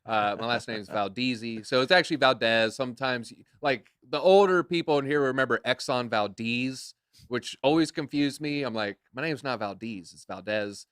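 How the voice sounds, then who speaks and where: A man's voice: medium pitch, fairly quick, hardly any pauses, fairly bright tone, dry recording, studio quality. A man co-hosting a crypto live stream, chatting casually with jokes and self-deprecating asides. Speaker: crypto show co-host.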